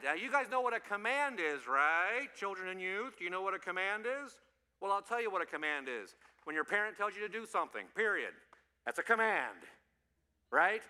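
A male pastor giving an animated, playful sermon to children and youth, quizzing the audience as he goes. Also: sits high, brisk, in a large hall. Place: church.

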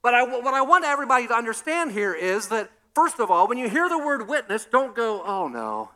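A male pastor preaching a sermon in an animated way, acting out scenes with humor. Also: very high voice, brisk.

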